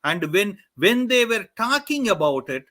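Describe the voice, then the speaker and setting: Man, devotional storyteller, high voice, bright tone, keeps asking "okay?". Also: sing-song, unhurried. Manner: keeps checking in with "okay?" and "guess what?".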